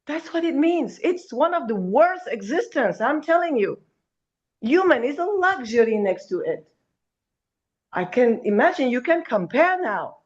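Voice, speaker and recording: Woman giving a fiery spiritual talk, slow and deliberate, kinda muffled lo-fi audio. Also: high voice, animated. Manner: emphatic, calls listener darling, swears. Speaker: spiritual speaker.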